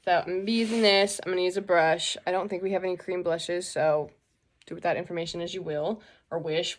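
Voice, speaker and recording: A woman's voice: mid-range voice, fast. A young woman hosting a casual makeup tutorial, chatty and joking as she explains each step.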